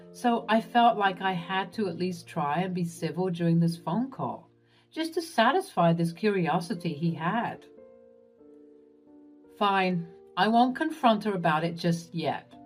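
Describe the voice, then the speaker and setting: A woman narrating a first-person story in an expressive, lively way. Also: fairly low pitch.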